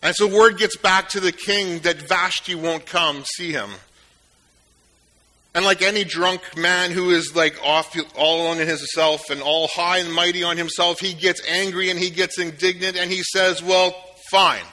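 A man preaching a sermon in a relaxed, conversational way, retelling a story with joking asides. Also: sits high, normal speed. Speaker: pastor.

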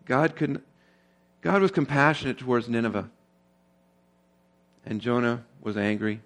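A male pastor preaches in an easy, conversational style and keeps turning to the congregation with rhetorical questions. His pitch sits in the middle range for a man. When he presses a point, he grows noticeably more emphatic. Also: measured pace, fairly bright tone. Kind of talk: sermon.

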